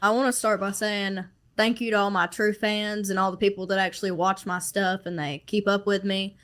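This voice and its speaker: A woman's voice: mid-range voice, level tone, normal speed, fairly bright tone. A young woman talking as a podcast guest, emotional and giggly, using "like" often. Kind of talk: casual interview talk.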